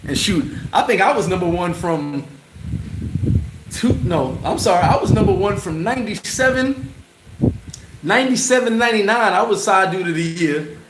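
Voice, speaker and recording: A man hosting a casual livestream, answering chat in an animated, slangy way and laughing often. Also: high-pitched, moderate pace. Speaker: channel host answering live chat. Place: bar. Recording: roomy with loud background noise.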